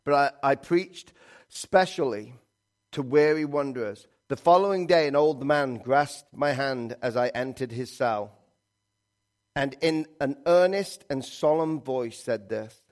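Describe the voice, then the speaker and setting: A man preaching a sermon in an earnest, halting way, reading scripture and hymn lines aloud. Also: mid-range voice, a little mellow. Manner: earnest, halting, with restarts and quoted prayers.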